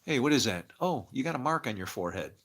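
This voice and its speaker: A man on a livestream, preaching in a rambling religious monologue, swinging from murmurs to loud bursts and laughing between phrases. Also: medium pitch, sing-song, fast.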